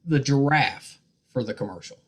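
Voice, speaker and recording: A man with a West Virginia accent hosting a podcast interview, easygoing and joking, often trailing off softly at the ends of phrases. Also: medium pitch, expressive, moderate pace. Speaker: podcast host. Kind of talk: casual interview.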